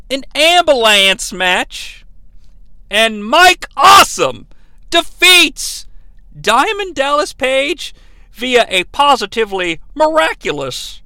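A man's voice: extremely high pitch, sharp tone, dry recording. A man hosting a podcast, giving a theatrical, mock-dramatic play-by-play recap. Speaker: podcast host.

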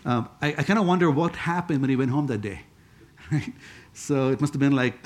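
A man's voice: mid-range voice, brisk. A man preaching a sermon in a conversational way, with joking asides.

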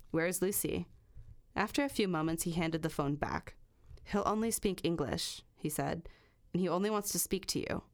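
Casual low-voiced woman reading true crime. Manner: casual, swears freely. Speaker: podcast host. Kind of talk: true crime podcast chat, reading a passage aloud.

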